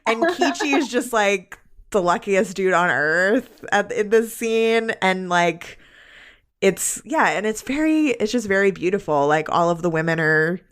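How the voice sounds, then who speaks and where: A woman hosting a podcast, casually recapping a film and laughing often as she talks. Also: lowish voice. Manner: laughs often while recapping, relaxed drawn-out phrasing. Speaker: podcast host.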